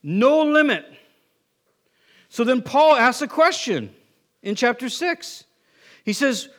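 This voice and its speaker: A male pastor with a notably high voice preaches in a lively, conversational way. He throws in asides and asks his listeners questions. At times he drops to a quiet, earnest tone. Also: unhurried, pauses often. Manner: conversational, animated preaching with asides and acted quotes. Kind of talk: sermon.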